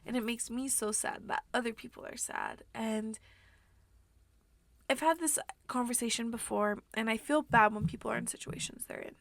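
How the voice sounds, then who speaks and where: A young woman vlogger rambling through an emotional personal monologue, soft and tearful, with many fillers. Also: on the high side, moderate pace, creaky, no echo.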